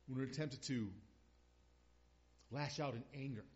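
A man's voice: medium pitch, a little slow. A middle-aged man preaching a sermon as a pastor, earnest and building to emphatic repeated phrases. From northern Minnesota. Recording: dull lo-fi sound.

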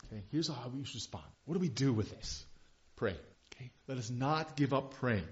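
A male pastor preaching a sermon, impassioned, swinging from hushed confession to loud emphasis. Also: medium pitch, animated, a little fast. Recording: dull lo-fi recording.

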